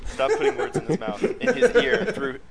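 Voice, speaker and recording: A man hosting a podcast, steering the chat with quick teasing banter. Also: high voice, big pitch swings, vocal fry, a crowd in the background. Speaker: podcast host. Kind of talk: casual chat.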